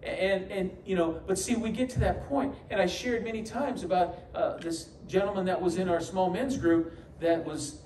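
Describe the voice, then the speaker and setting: A man's voice: high-pitched, normal speed, few pauses, darkish tone, a little hiss or hum. A man from New York preaching a sermon as pastor, telling stories with humorous asides and acting out the voices he quotes. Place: church sanctuary. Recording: echoey church hall, mic from a distance, faint ambience.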